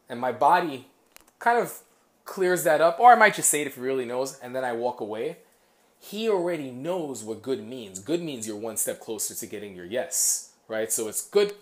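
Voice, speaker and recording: Brief: mid-pitched male dog trainer, loose rambling instructional talk, walking around his apartment. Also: expressive, normal speed. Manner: rambling, many fillers and restarts.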